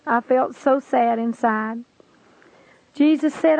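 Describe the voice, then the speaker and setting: A woman's voice: high-pitched, slow, creaky, no room sound. A woman narrating a religious vision account in a grave, preaching cadence. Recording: dry, tinny phone-like sound.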